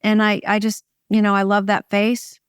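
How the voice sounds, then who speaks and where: A middle-aged American woman, a film director, chatting in an interview in a wry, relaxed way with short phrases and restarts. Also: mid-range voice, normal speed, clear, resonant tone, no room sound, clean studio sound. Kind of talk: casual interview conversation.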